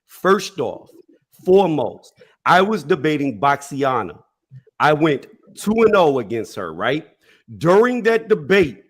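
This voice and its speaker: A man's voice: a little high, fairly bright tone. Insistent man arguing his case. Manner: insistent, argumentative, lays out his case at length. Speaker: debate panelist. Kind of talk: heated panel debate.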